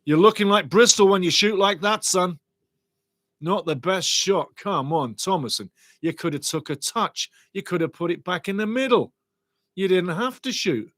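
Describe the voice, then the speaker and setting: A middle-aged man hosting a live football watch-along, calling the action excitedly and reading viewer comments aloud. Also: sits high, normal speed, dry recording.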